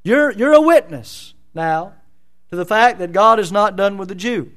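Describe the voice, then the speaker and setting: Male preacher, high voice, emphatic sermon, rhetorical questions, church. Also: moderate pace, fairly bright tone. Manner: emphatic, rhetorical questions, dramatic voicing of scripture. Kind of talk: expository sermon.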